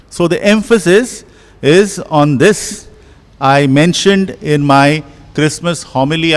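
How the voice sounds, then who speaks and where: A man, a priest preaching a homily in a slow, deliberate way with emphatic pauses. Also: on the high side. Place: large church. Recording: long church reverb.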